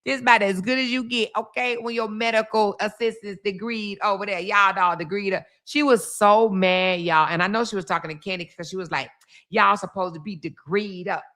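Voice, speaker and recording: Brash, bright-voiced woman livestreamer. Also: mid-range voice, steady tone, fairly quick, few pauses. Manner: loud, mocking, laughing, swears a lot. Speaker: livestream commentary host. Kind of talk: profane comedic livestream commentary.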